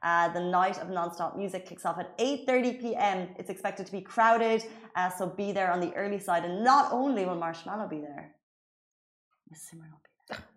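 A woman co-hosting a casual news chat show, talking in a chatty way with quick asides and easy laughter. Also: lowish voice. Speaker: show co-host.

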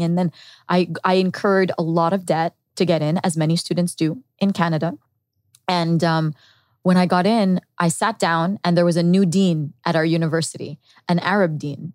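Podcast guest, woman, lower voice, earnest and reflective storyteller, dry close sound. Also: a little mellow, no echo. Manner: earnest and reflective, with quoted inner thoughts. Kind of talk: candid personal storytelling.

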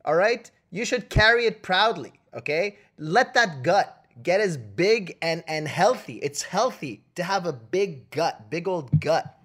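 A man co-hosting a comedy podcast where he argues movies with mock outrage. His pitch swings widely as he rants, and he keeps jabbing at the listener with "okay?" and "all right?". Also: expressive, unhurried, few pauses. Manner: loud, mock-indignant, keeps tagging lines with "okay?". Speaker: podcast co-host.

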